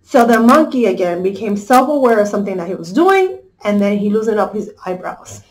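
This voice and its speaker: A woman's voice: medium pitch, very animated, a little fast, poor audio. A woman life coach retelling a children's story in a casual, conversational way, often checking in with her listeners.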